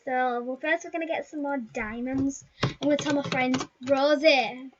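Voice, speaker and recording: Giddy high-voiced young female gamer. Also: steady tone, normal speed, noisy background. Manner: giddy, squealing, repeats exclamations. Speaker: gaming channel host. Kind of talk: excited casual gameplay vlog. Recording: dull lo-fi recording.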